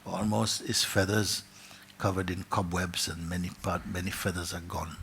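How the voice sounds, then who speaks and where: A man telling a parable as a spiritual teacher, soft-spoken, often dropping to a whisper and repeating his phrases. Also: deep voice, steady tone, normal speed, gravelly, slight background noise. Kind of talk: storytelling in a spiritual gathering.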